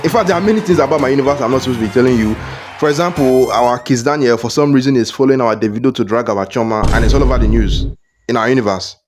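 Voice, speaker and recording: A man's voice: medium pitch, rapid-fire, music in the background. A man with a Nigerian accent telling a comic story, playful and dramatic. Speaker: comedic storyteller. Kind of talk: comedy skit narration.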